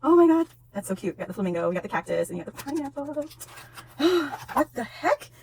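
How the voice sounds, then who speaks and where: A woman in her forties from Guam, hosting a casual unboxing vlog at home, gushing, laughing often and close to tears with excitement. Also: mid-range voice, racing, creaky, a little hiss or hum. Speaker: YouTube host.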